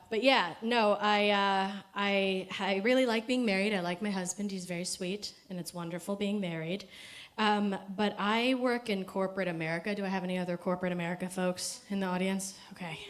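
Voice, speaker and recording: On a comedy festival stage, a young woman with a mid-range, fairly bright voice does a stand-up set into the mic. She's chatty and freely profane, ranting in a loose, run-on way and often laughing at her own lines.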